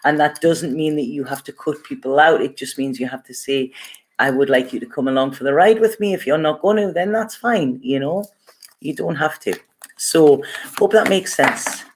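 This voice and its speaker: A woman's voice: deep voice, moderate pace, a little hiss or hum. A woman with a Geordie accent from Gateshead, giving a casual, chatty tarot reading and reassuring listeners with frequent okays. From Gateshead, North East England. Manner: chatty, reassuring, says okay often. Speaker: tarot reader.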